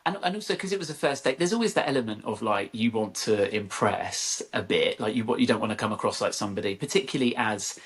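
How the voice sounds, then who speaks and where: A man's voice: lowish voice, animated, fast, few pauses, fairly bright tone. A young man, a guest on an interview podcast, telling stories in a chatty way with lots of fillers and restarts. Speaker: podcast guest, social media influencer. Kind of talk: casual interview chat.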